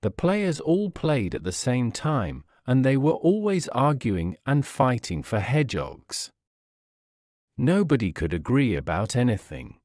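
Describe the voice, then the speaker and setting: Guy reading a story for english learners, real slow, very dry sound. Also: mid-range voice, big pitch swings, darkish tone, no room sound. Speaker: narrator.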